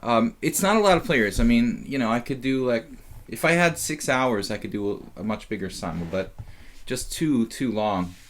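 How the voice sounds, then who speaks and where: A man's voice: mid-range voice, expressive, normal speed. A tired man casually commentating his chess simul on a live stream, rambling and chatty with lots of fillers.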